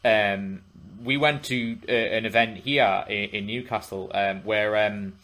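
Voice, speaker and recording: A man's voice: lowish voice, fairly even intonation, unhurried, pushed and bright. A man co-hosting a podcast, telling stories in casual chat with plenty of fillers and restarts. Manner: rambling, self-correcting storyteller with frequent fillers. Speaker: podcast co-host.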